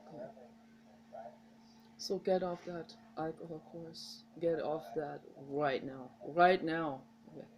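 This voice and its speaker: A woman's voice: low-pitched, takes it slowly, long pauses, mellow, a little hiss or hum, poor audio. A woman with a mother tongue, talking straight to her viewers in a rambling, heartfelt, encouraging way. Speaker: vlogger. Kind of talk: casual direct-to-camera monologue.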